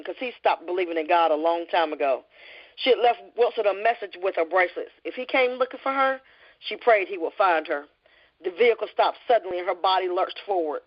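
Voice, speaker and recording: A woman author reading her novel aloud in an earnest, steady voice and then chatting in an interview. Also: mid-range voice. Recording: lo-fi podcast audio.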